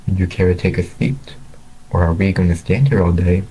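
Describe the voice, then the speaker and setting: A man's voice: low-pitched, steady tone, a little fast, mellow, slight background noise, natural voice, poor audio. A man reading as a courteous restaurant owner. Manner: polite, courteous speech. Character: grown man restaurant owner, formal and welcoming.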